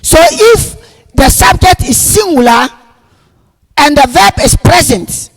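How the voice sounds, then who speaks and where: Slow high-voiced man teaching, echoing. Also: expressive, vocal fry. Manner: slow and repetitive, stressing key words loudly. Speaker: grammar teacher. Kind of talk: classroom grammar lesson. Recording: long reverb, echoey room.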